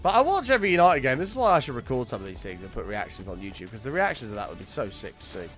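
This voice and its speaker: A young man chatting casually with viewers while streaming a game, excitable and swearing freely. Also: medium pitch, rapid-fire, soft background music. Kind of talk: casual live-stream chat.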